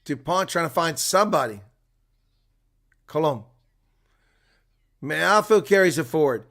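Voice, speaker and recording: A man giving live rugby play-by-play commentary, moving from relaxed asides to excited calls. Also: fairly high pitch, unhurried. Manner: swings from quiet asides to loud excited calls; chuckles and chats with viewers between plays.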